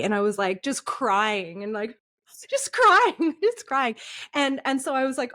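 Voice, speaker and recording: A woman's voice: fairly high pitch, very animated, moderate pace, fairly bright tone. A woman in her thirties, a podcast guest, candidly recounting a painful personal experience, often laughing through it and restarting her sentences.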